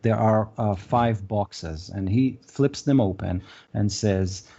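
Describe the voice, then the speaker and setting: A man narrating as game master of a tabletop game, halting, with many pauses and "uh"s. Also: fairly low pitch, vocal fry, mellow, muffled recording. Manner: halting, full of "uh" and restarts.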